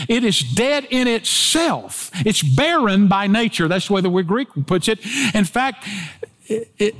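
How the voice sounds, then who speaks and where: A man preaching a sermon with emphatic delivery and dramatic swings in pitch and pace. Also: a bit bright. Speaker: pastor.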